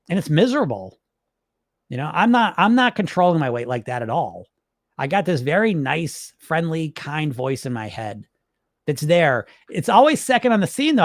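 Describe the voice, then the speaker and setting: A man's voice: high-pitched, no room sound, studio quality. A man, a hypnotist and weight-loss coach, talking casually and emphatically to viewers, often asking "right?". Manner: conversational, emphatic, frequent "right?" and "folks". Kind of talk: casual direct-to-camera talk.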